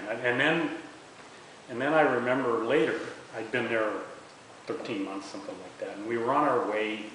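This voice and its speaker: A man's voice: medium pitch, a bit bright. A man in his sixties, a veteran, recounting memories in an oral history interview, often stumbling and repeating words. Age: 60s. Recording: echoey room with faint hiss.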